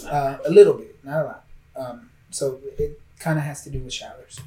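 A woman telling a story in casual chat, animated and swearing freely, sometimes switching into Spanish. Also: very deep voice, normal speed, reverberant, far from the mic, a little hiss or hum, rough recording.

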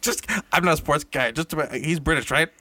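A man's voice: fairly high pitch, brisk, sharp tone, no echo. A man casually improvising a silly story, correcting himself as he goes and laughing at his own jokes, in a room shared with a co-host.

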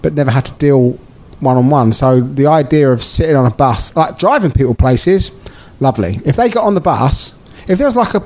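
A man's voice: mid-range voice, expressive, a little fast, few pauses, darkish tone. A man co-hosting a podcast in casual chat, rambling with many fillers and restarts. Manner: rambling, lots of likes and restarts. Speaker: podcast co-host.

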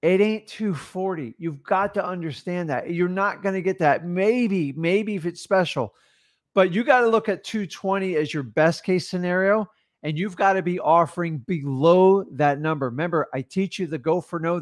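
A man's voice: high-pitched, no room sound, studio quality. A man coaching real estate wholesalers in casual talk, blunt and confident, acting out his seller negotiations.

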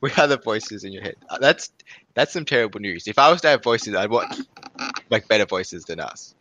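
Bright-voiced Australian man joking around. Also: on the low side, brisk, a little hiss or hum, poor audio. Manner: joking, animated and laughing. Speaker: podcast co-host. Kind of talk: casual podcast banter.

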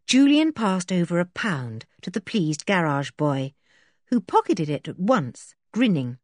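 Husky woman reading a storybook. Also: fairly low pitch, big pitch swings, measured pace, a little mellow, no echo, clean studio sound. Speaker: audiobook reader. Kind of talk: storybook narration.

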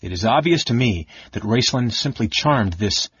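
A man voicing an old male archmage speaking in a measured, patronizing way. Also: medium pitch, lively intonation, a bit bright, husky, no room sound, lo-fi sound. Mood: condescending.

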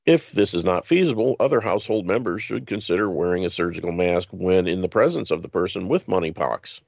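Gravelly deep-voiced man reading news sarcastically. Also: a little mellow, no echo, dull audio. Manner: mocking asides with chuckles. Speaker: podcast host.

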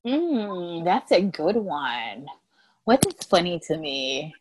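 A woman speaking as a guest in a casual interview, chatty and quick to laugh, with many "like"s. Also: lowish voice, big pitch swings, darkish tone, slightly rough. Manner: chatty, lots of likes, laughs easily.

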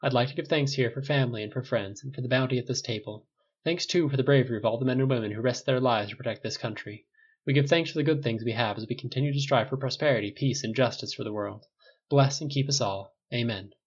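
A man's voice: medium pitch, quick pace, slightly rough. A man voicing an earnest, gracious older mother hosting a holiday dinner, polite and prayerful, on a dull lo-fi recording. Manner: polite, prayerful, directing the table.

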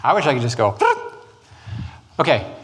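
A man teaching church history in a casual, jokey way with animated asides. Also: medium pitch, moderate pace, slight background noise.

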